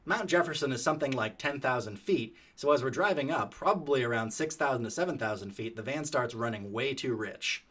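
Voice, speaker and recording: A man narrating a story in a casual, animated, profane conversational way. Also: medium pitch, brisk, hardly any pauses.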